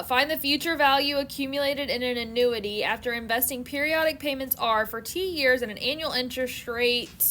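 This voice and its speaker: A woman with a high voice leads a math class in a loose, chatty way, dropping "like" into her sentences. A faint hum sits under her voice in the classroom. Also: a bit bright. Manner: chatty, fillers of "like", laughs often. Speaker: math teacher. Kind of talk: casual classroom talk.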